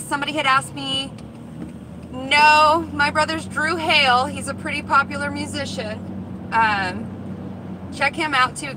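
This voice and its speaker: Excitable high-voiced woman live-streaming outdoors. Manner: chatty and excitable, talks to viewers. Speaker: vlog host, dumpster diver. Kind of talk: casual live-stream chat. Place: outdoors around store lots and in a car. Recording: loud car and outdoor noise.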